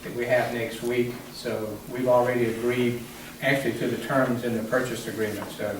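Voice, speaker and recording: A man walks a board through pending business deals in a measured, explanatory way. His voice comes from a distance in a large, very echoey meeting room with a faint hiss underneath. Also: mid-range voice, level tone. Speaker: development staff presenting prospects. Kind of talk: formal meeting report. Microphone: distant room mic.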